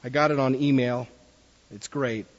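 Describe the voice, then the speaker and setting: A man's voice: medium pitch, steady tone, moderate pace, in a large hall, dull audio. A man preaching a sermon in an earnest way, reading a story aloud to his listeners.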